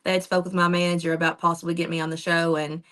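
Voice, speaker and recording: A woman's voice: on the low side, level tone, racing, bright, forceful tone. A young woman from Eastern Kentucky with a strong local accent, a country singer chatting easily and laughing often as a podcast guest from her home office. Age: young adult. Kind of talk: casual interview chat.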